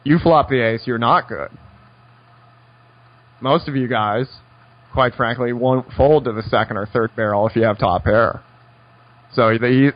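Guy breaking down poker hands, wry asides, a bit muffled lo-fi sound. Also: mid-range voice. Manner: wry, conversational storytelling with dry asides. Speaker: poker coach. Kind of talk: instructional poker talk.

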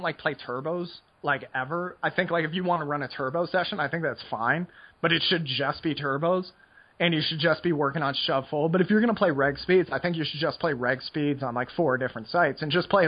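Rambling husky-voiced young man. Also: a little high, dull audio. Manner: rambling, filler-heavy with frequent "like". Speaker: poker player. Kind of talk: casual podcast chat.

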